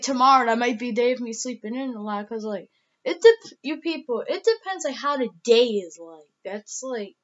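A woman's voice: a little high, highs cut off. Teary rambling young woman vlogger. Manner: rambling, heavy use of "like", many restarts; emotional, close to tears. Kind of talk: casual vlog talk.

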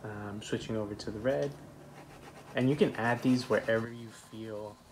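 Gentle low-voiced man teaching art. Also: steady tone, moderate pace, noisy background. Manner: gentle, encouraging, many "um" fillers. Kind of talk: children's art lesson.

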